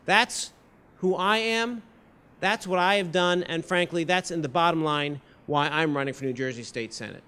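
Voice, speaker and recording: Man, high-pitched voice, lively anecdotal speech to a campus audience, acted-out quotes. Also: moderate pace, clean tone. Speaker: political candidate giving a campus talk. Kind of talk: storytelling campaign speech. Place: university lecture hall event.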